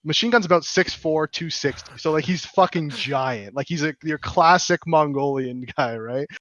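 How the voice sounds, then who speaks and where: A man telling stories on a podcast in a casual, animated, profane way, often restarting his sentences. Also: on the high side, normal speed, no echo, muffled recording. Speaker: podcast co-host. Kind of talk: casual storytelling chat.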